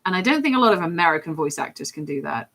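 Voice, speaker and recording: A woman's voice: low-pitched, sing-song, quick pace, fairly bright tone. A woman chatting in a rambling, casual way from her home office while drawing on a livestream, with lots of fillers. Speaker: streamer and hobby artist.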